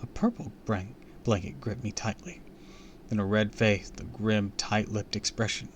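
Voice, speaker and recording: A man reading a spooky children's story aloud on a live stream, with an expressive, theatrical delivery. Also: fairly low pitch, unhurried, a little hiss or hum.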